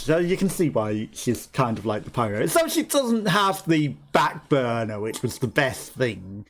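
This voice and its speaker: An unhurried gameplay commentator whose pitch swings widely as they talk. They chat casually over the match, laughing often and tossing jokey asides to absent teammates. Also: big pitch swings. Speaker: let's play host.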